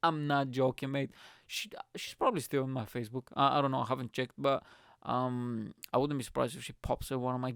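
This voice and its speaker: A young man rants through a story, swearing and putting on mocking voices. His voice is smooth yet gravelly. It is recorded close and dry, with no room sound. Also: medium pitch, brisk, no room sound. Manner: profane, animated storytelling with mocking put-on voices. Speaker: podcast host. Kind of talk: casual ranting monologue.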